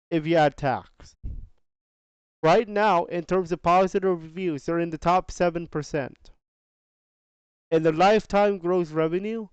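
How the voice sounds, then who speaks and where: Unhurried man hosting a podcast. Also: a little high, a little mellow, clean tone, no room sound, dull audio. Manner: unhurried, chatty, restarts phrases, slangy asides. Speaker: podcast host. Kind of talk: casual podcast commentary on game sales data.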